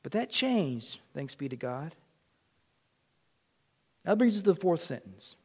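A middle-aged man delivers a sermon in a fairly high voice, spinning personal stories. He acts out the quoted lines and swings from loud bursts down to a near whisper. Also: very animated, a little slow, breathy edge. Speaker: pastor.

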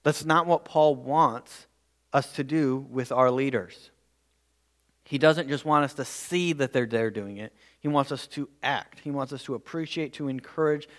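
A man's voice: mid-range voice, a bit bright. A man preaching a verse-by-verse sermon in an earnest way, often repeating words as he goes. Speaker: pastor.

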